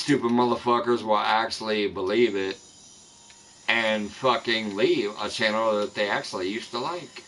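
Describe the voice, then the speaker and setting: Man ranting, heated and bright-voiced. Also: fairly low pitch, a little slow, rough recording. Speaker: live streamer. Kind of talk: angry live-stream rant. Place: home in the American Midwest.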